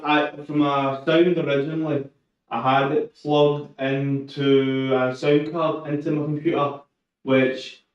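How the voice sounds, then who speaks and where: A man chatting casually during a live stream while he trains, relaxed and swearing now and then. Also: a little high. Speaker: streamer training for a powerlifting meet. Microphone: shotgun mic through a camera, away from him. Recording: echoey, distant, muffled lo-fi mic.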